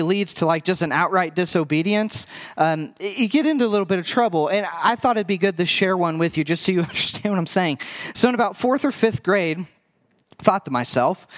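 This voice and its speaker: A young man with a notably high voice delivers a sermon built around a personal story. He acts out the scenes, throws quick asides to the listeners and keeps the telling lively. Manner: animated storytelling, acting out past scenes, quick asides to the audience. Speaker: preacher.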